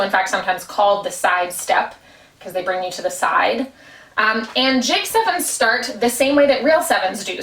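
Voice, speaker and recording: A woman's voice: medium pitch, a bit bright. A woman teaching an Irish dance lesson in her small kitchen, explaining footwork and counting steps aloud as she dances. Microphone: camera at a distance. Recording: echoey room, far from mic.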